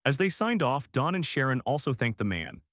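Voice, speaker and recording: A man reading an audiobook in measured, even scripted narration. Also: medium pitch, no echo, studio quality.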